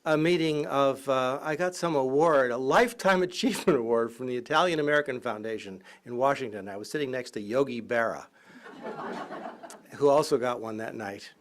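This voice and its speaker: A man's voice: mid-range voice, normal speed. A man, a college professor, giving a humorous public lecture full of anecdotes, often breaking into laughter and irreverent asides. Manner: lively, irreverent.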